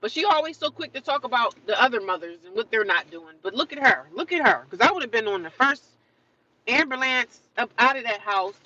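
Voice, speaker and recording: A woman livestreaming casual talk from her daily life, animated and emphatic, repeating her points and breaking off to greet passersby. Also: fairly high pitch, fairly quick, muffled recording. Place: homeless shelter area.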